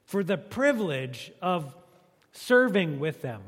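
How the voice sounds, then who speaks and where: A preacher giving voice to a grateful, emphatic apostle. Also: male voice, sits high, sing-song, slow, husky, big-room sound, full character voice. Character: grateful, moved apostle writing a letter.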